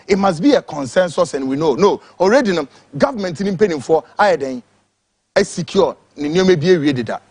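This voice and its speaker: A Ghanaian man delivering an angry, impassioned political tirade with a husky voice, mixing English with Twi. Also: high voice, dry recording. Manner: angry, shouting insults, switching between English and Twi. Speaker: political commentator.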